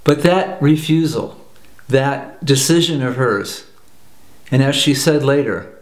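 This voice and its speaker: A man's voice: mid-range voice, slow pace. A man from the United States telling a story in an earnest talk, repeating phrases for emphasis. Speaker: personal growth teacher. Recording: roomy echo.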